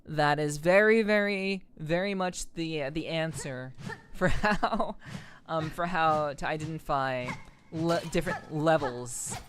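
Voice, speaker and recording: A woman streamer chatting casually while she plays a game, congested and stuffy-nosed, greeting viewers warmly with lots of fillers and doubled words. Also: low voice, a little slow, slight background noise. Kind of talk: casual live-stream chat while gaming.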